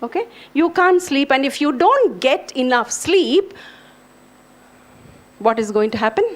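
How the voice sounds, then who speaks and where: Animated woman lecturing students. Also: high voice, a little slow. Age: middle-aged. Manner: animated, earnest, addresses students directly. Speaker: English professor giving a talk. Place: lecture hall.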